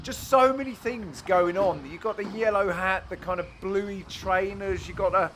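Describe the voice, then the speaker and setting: A man commentating over footage of his own amateur padel match in a casual, self-deprecating way, teasing his friends, with sudden bursts of excitement. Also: sits high, moderate pace, a little hiss or hum.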